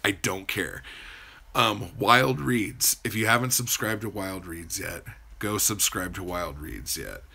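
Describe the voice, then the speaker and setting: A man's voice: low voice, slow pace, vocal fry, sharp tone, slight background noise. A man hosting a livestream, rambling casually as he answers viewers' chat and swears freely. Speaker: livestream host.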